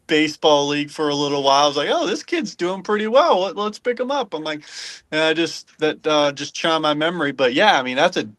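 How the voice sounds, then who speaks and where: A man co-hosting a casual talk show, rambling and halting, laughing between phrases. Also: a little high, animated, fairly bright tone, no echo. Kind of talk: casual radio chat.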